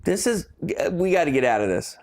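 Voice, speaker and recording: A blunt, sarcastic man co-hosting a live stream, his voice high and bouncing through a wide pitch range. He swears freely as he complains. Faint background hiss. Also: sing-song, a little fast, a little mellow. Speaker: co-host. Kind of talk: casual live-stream chat.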